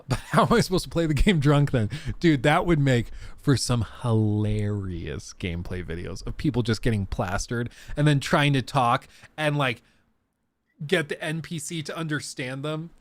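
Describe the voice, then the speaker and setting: A man giving casual livestream commentary on a game demo, animated and joking with laughing asides. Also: medium pitch, moderate pace, no room sound. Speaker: streamer reacting to a game demo.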